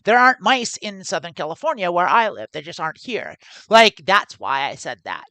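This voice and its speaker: A woman with a gravelly, bright edge to her voice chats loosely as a podcast co-host, rambling, trailing off and laughing often. Her voice sounds close and dry. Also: fairly low pitch, sing-song, normal speed, no echo. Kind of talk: casual chat.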